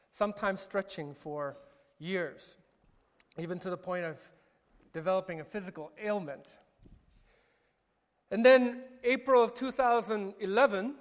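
A man preaches a relaxed, self-deprecating sermon as pastor. His voice sits high for a man. It rings with the long reverb of a church sanctuary. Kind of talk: sermon with personal story. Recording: echoey hall reverb.

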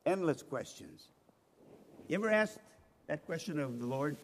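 Animated male preacher in a reverberant hall. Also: fairly high pitch, a little fast. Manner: animated, acts out quoted voices. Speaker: pastor. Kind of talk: sermon. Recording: reverberant hall, faint noise.

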